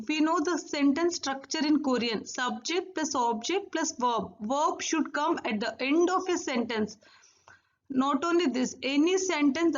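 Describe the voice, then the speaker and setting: Slow, high-voiced woman drilling vocabulary. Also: lo-fi sound. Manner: slow, repeats each word twice for drilling. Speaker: language teacher. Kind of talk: recorded language lesson.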